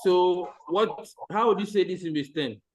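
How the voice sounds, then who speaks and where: A man's voice: sits high, normal speed, poor audio. A man teaching maths in an online lesson, patiently repeating each step and checking that the students follow.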